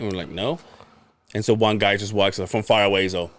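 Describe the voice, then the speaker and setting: A man's voice: lowish voice, steady tone, quick pace, a bit bright. A man, a podcast co-host, telling a story in casual chat, acting out quotes, laughing and swearing freely.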